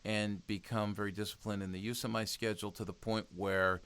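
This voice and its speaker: A man with a somewhat low voice talks as an interview guest. He speaks earnestly and urges his listeners on, often stopping to restart his sentences. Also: little pitch movement, brisk, fairly bright tone, smooth. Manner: earnest and exhortative, with frequent restarts. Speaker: podcast guest, youth ministry speaker. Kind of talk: conversational interview.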